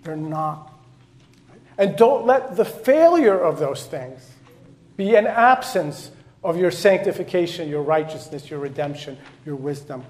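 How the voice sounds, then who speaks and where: Male preacher, high voice, slow fervent delivery swinging loud to soft. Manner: impassioned, swinging between soft low passages and loud rising repetitions. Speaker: pastor. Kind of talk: sermon.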